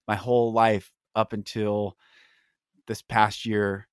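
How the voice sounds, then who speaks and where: A man's voice: lowish voice, little pitch movement, slow pace, clean tone, no room sound, studio quality. A man hosting a podcast, talking in an earnest, encouraging way and repeating affirmations. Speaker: podcast host. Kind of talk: heartfelt motivational conversation.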